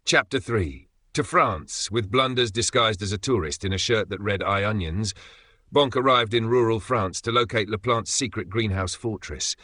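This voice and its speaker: Bright, lowish male storyteller. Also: moderate pace, hardly any pauses, no room sound. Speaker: narrator. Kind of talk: scripted comic narration.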